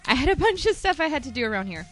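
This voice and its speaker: A woman's voice: high voice, big pitch swings, rapid-fire, fairly bright tone, soft background music. A woman co-hosting a casual talk show, chatty and giggly, rambling through stories and then reading the news aloud. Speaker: co-host.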